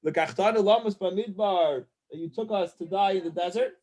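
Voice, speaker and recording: A man's voice: high-pitched, moderate pace, darkish tone. A male rabbi giving a casual Torah lesson, reading out Hebrew verses and paraphrasing them in chatty English. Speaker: rabbi teacher.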